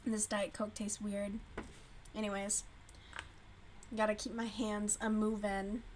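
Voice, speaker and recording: A woman's voice: medium pitch, level tone, unhurried, darkish tone, slight background noise. A woman hosting a casual livestream while crocheting, chatting loosely, swearing freely and answering her chat as she goes. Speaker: livestream host.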